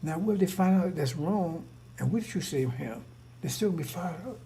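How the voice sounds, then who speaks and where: A man's voice: fairly high pitch, animated, brisk, mellow, slight background noise. A man giving an informal religious talk, rambling and repetitive, full of rhetorical questions. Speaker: preacher.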